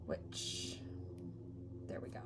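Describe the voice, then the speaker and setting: A woman's voice: very deep voice, completely flat delivery, drawn-out words, very noisy. A woman hosting a crafting video, thinking aloud as she works and muttering half to herself. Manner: talks to herself while working, trailing off and muttering. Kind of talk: casual crafting commentary.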